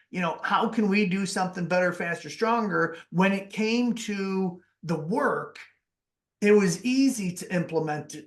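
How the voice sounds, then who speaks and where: A man's voice: high-pitched, fairly bright tone. A man hosting a podcast, talking in a rambling, conversational way with frequent restarts. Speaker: podcast host. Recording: echoey room.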